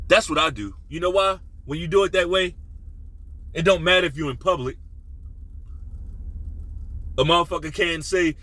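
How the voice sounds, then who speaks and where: A man hosting a sports talk video, ranting bluntly and profanely, sometimes dropping to a low menacing voice. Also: fairly quick, pushed and bright, poor audio. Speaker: sports commentary host. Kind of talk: casual opinion rant.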